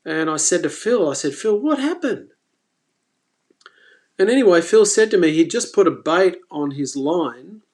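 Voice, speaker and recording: Man, fishing host, live stream, lively storytelling, exclamations, slightly higher voice. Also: normal speed, few pauses. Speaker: fishing presenter.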